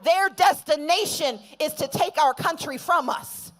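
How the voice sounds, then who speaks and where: A woman speaking at a rally, leading call-and-response chants that build to shouts. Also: high-pitched, a little slow, soft background music. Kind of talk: fiery political rally speech.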